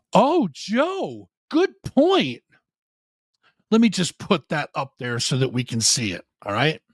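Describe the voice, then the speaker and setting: A man's voice: mid-range voice, dry recording, clean studio sound. A man hosting a live rock show stream, joking and profane, playing up a mock apology. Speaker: podcast host.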